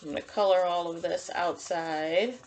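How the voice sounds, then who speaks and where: A woman teacher giving a gentle, encouraging drawing lesson to young children and talking through each step as she draws. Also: on the low side, fairly even intonation, moderate pace. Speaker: kindergarten teacher.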